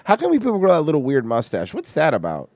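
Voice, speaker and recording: A man's voice: fairly high pitch, huge pitch swings, quick pace, a little mellow, dry recording. A man hosting a casual stream, joking and swearing a lot while reacting to music videos. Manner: profane, joking, laughs often. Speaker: stream host. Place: hot-weather area.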